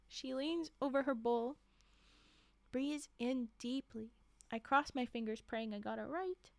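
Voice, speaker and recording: A young woman streamer reading a holiday story aloud, expressive, with chatty asides. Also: high voice, a little slow, creaky, no echo.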